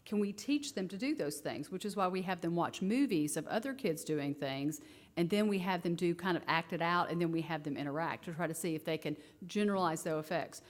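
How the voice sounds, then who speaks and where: A woman presenting research to parents in a casual, conversational conference talk, full of fillers and animated asides. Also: lowish voice, fairly quick. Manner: animated storytelling, acting out quoted kids and herself; casual and conversational, many fillers like "you know" and "like".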